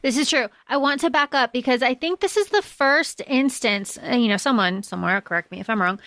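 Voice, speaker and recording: Woman podcast cohost, kinda high voice, rambly casual talk, swears a bit. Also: fairly quick, fairly bright tone, no echo. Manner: chatty, many fillers, swears casually. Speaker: podcast co-host. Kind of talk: casual book discussion.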